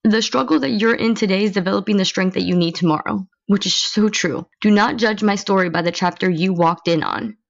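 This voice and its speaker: A woman's voice: mid-range voice, brisk, creaky, hardly any pauses, dull audio. A woman hosting a podcast, talking through her feelings in a blunt, emotional monologue and swearing freely. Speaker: podcast host. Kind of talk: candid personal monologue.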